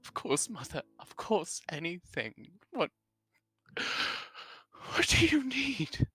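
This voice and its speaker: A panicked young son cries out in a thin, high voice that swoops and cracks as he pleads. A man puts him on in a tabletop game. The voice sits well above the player's own and reaches wide in pitch. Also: animated, unhurried, dry recording. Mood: distraught.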